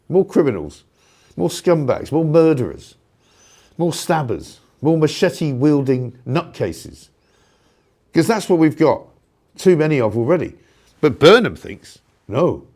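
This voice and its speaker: A middle-aged man, hosting a talk show and ranting with indignant sarcasm and loud rhetorical questions. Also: fairly high pitch. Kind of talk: opinionated ranting monologue.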